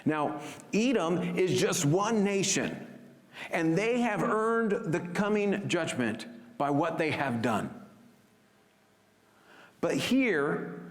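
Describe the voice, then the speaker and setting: A man preaching a sermon with a lively, swooping delivery and a voice that sits slightly high. He leans into phrases and sometimes drops to a hush for emphasis. The sound carries a long hall reverb. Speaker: pastor.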